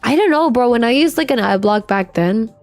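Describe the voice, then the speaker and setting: A woman's voice: on the high side, lively intonation, brisk, darkish tone, faint music behind. A young woman from the Philippines, chatting casually and swearing freely while she streams a game. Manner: loose and chatty, swears freely, heavy use of filler "like". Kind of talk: casual livestream chat while gaming.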